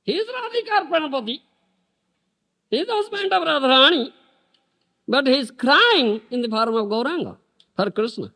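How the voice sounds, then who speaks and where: An older Indian-accented man delivers a devotional lecture, checking on his listeners with frequent questions. His voice sits high and swings widely in pitch, with a bright, forceful edge. The sound comes from an archival lecture tape made in 1991. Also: wildly swooping pitch, fairly quick, pauses often. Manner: emphatic, asks listeners rhetorical questions, chants verses in Bengali. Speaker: spiritual teacher lecturing.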